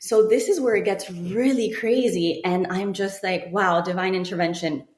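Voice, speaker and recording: A woman in her thirties, a podcast guest telling a personal story with animated delivery, acting out what other people said. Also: medium pitch, moderate pace. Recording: echoey room.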